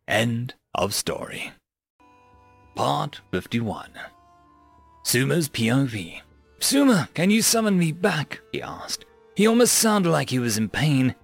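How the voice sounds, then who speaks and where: Gravelly, husky-voiced male story reader. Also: medium pitch. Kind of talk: first-person story narration.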